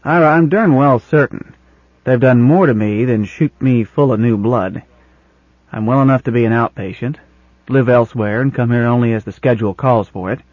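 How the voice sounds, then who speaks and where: A husky-voiced man playing a wry, worldly senior man in an audiobook, dry, gently teasing and fatherly. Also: mid-range voice, normal speed, dry recording, narrow, tinny audio, lightly acted.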